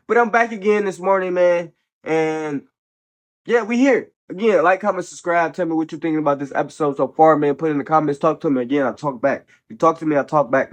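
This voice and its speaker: A man hosting a casual football commentary show, blunt and opinionated, slangy and profane, tossing in "bro" and "man" often, while a little sick. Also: medium pitch. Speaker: host of a football commentary channel.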